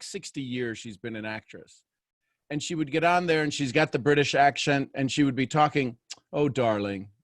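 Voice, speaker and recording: Male host, mid pitch, earnest encouraging coaching talk, dry close sound. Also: dry recording. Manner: earnest, encouraging, speaks straight to the guest. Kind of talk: motivational coaching conversation.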